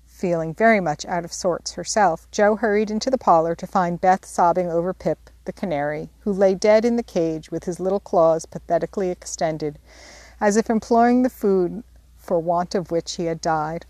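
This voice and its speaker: A woman reading a classic novel aloud as an audiobook narrator, in a steady, measured storytelling voice. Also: on the low side, dry recording. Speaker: audiobook reader. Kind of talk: scripted narration.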